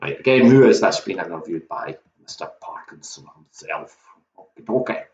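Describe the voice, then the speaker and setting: Man hosting a pub quiz, low voice, chatty and self-mocking, muffled echoey room. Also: animated, moderate pace, darkish tone. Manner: chatty, self-mocking, talks to viewers directly.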